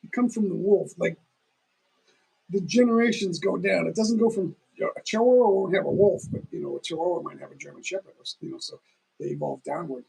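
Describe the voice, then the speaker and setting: Chatting in a meandering way on his phone stream, a tired middle-aged man eats while talking and restarts often. He has a high, husky, dark voice with vocal fry, speaks fairly quickly, and the audio is poor.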